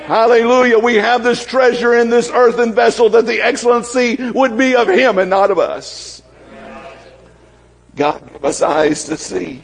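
A male pastor delivers a sermon in a high, husky voice. He moves between soft, prayerful passages and excited, fervent exclamations. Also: poor audio.

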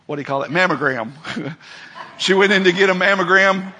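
A man's voice: sits high, brisk, pushed and bright, slight background noise. A middle-aged male preacher giving a folksy sermon, telling stories and acting out the people in them. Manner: folksy storytelling, acts out quoted voices, laughs often.

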